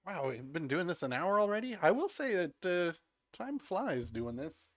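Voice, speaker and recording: A man's voice: sits high, very animated, moderate pace, no echo, clean studio sound. A man chatting casually during a live game stream, joking and laughing often between comments.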